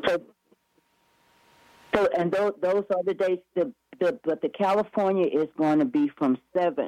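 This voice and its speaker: A man's voice: a little high, dark tone, no room sound, highs cut off. A man chatting eagerly as an interview guest, rambling with many restarts and self-corrections. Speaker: guest promoting upcoming events. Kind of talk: casual radio interview chat.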